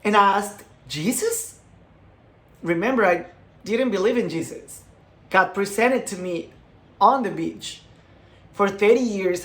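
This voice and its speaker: Earnest man giving a faith testimony. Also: high-pitched. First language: Spanish. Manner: earnest, speaks in short halting phrases. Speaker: creator of a healing channel. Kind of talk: personal faith testimony monologue.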